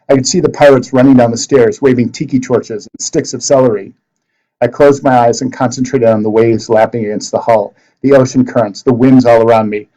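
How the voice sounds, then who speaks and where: A man teacher reading a novel aloud to his class with expressive narration. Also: medium pitch, low-quality recording.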